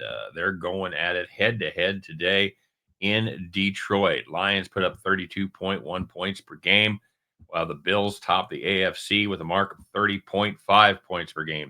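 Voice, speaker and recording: A man's voice: low-pitched, pushed and bright. A man giving a casual sports betting preview straight to his viewers, chatty and jokey, with a caramel in his mouth.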